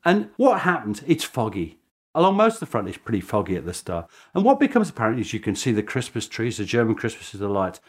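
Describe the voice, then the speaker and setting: A man, a historian, telling the story in an interview in an animated way, often chuckling and restarting his sentences. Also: lowish voice, brisk, breathy edge. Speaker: historian guest.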